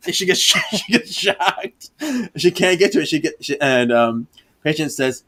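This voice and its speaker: A man's voice: a little high, animated, normal speed, fairly bright tone. A man co-hosting a podcast, recapping comic pages and acting out characters with mock drama. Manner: dramatic, mock-emotional when voicing characters. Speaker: podcast co-host. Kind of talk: casual chat, recapping a comic.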